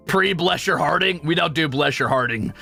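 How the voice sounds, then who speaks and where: A man with a faint Midwestern American accent chats casually to his viewers, rambling through asides and quick laughs. His voice is bright and forceful with a gravelly edge. Soft music plays underneath. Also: fairly high pitch. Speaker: streamer.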